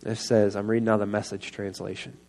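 A man's voice: on the low side, little pitch movement, brisk, creaky, slight background noise. Earnest man telling a personal story. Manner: earnest and confessional, soft-spoken, rising to raised voice. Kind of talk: personal testimony sermon. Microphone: microphone.

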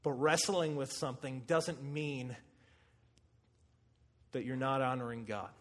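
A man preaching a sermon, telling stories with animation and acting out quotes with sudden shouts. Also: medium pitch, unhurried. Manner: animated storytelling, acts out quotes with loud shouts.

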